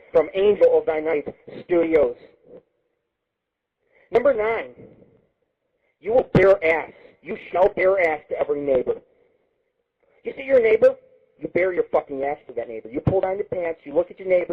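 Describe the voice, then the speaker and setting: High, lively, husky-voiced profane radio host. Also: male voice, moderate pace. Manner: crude, rambling, swears constantly. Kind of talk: profane comedic radio rant. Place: home radio studio. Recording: tinny phone-like lo-fi stream.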